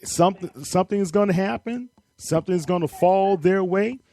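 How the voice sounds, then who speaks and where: A man co-hosting a sports talk radio show, easygoing and quick to laugh. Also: high voice, dark tone. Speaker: radio co-host.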